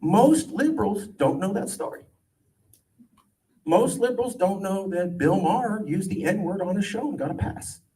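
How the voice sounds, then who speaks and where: A man in his forties from California giving an animated, joking political speech to a crowd, with a sarcastic edge. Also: high-pitched, normal speed, slight background noise. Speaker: political campaigner speaking to a crowd. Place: event gathering. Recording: voice distant from the mic.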